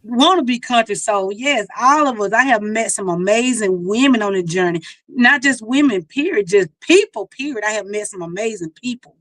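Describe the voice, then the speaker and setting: A woman's voice: medium pitch, animated, normal speed, a bit bright, no echo. Folksy Mississippi-accented woman singer. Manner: folksy, storytelling, laughs at herself. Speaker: singer guest. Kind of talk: casual interview chat.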